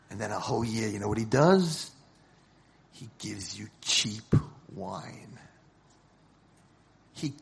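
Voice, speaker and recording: Animated rabbi, hushed to shouting. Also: male voice, on the high side. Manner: dramatic storytelling, swings from hushed to shouting. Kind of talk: sermon.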